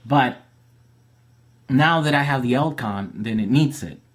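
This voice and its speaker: A man's voice: medium pitch, measured pace. A man hosting a casual live Q&A stream, chatting loosely with plenty of fillers and restarts as he reads out viewer questions.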